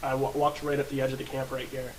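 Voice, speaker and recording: A man's voice: mid-range voice, monotone, fast, slight background noise, low-quality recording. Bluffing man playing a tabletop game. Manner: bold, bluffing, hesitant starts. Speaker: player.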